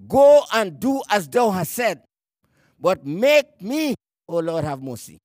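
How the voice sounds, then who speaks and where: A man preaching a sermon in a strikingly high voice, recorded dry and close. He is emphatic, lingers on the words he wants stressed, and sometimes repeats a word as he reaches for the next one. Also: sing-song, dry recording. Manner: emphatic, slowing to stress key words, repeats words mid-phrase; reads scripture aloud in archaic phrasing.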